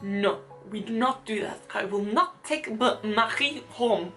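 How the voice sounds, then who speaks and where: A woman imitating her stubborn middle-aged father, putting on a French accent and flatly refusing. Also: medium pitch, a little slow, faint music behind.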